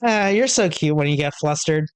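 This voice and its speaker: A man's voice: fairly high pitch, animated, normal speed, clear, resonant tone, no echo, close to an everyday voice. A man voicing a poised, confident teenage girl club president in a playful, teasing way. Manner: playful, teasing, gently coy.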